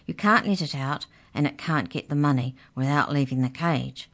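A woman's voice: deep voice, normal speed, a bit bright. A woman voicing a timid, nervous young boy who often whispers. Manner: anxious, whispering.

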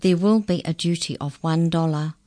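A woman's voice: fairly low pitch, a little slow, close to an everyday voice. A woman reading aloud and voicing a pompous, officious male rat customs officer in a children's story. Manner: officious, formal.

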